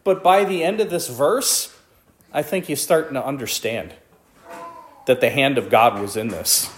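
A man's voice: mid-range voice, unhurried, a little hiss or hum. A man leading a casual verse-by-verse Bible study, reading scripture aloud and commenting with playful asides. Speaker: Bible teacher.

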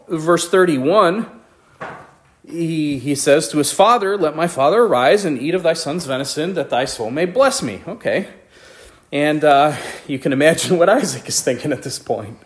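A man with a high voice reads Bible verses aloud in old-fashioned wording. Between the verses he explains them in a relaxed, joking way and laughs at his own asides. He sounds like a teacher leading a casual Bible study. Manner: reads scripture aloud then comments with playful asides and laughs.

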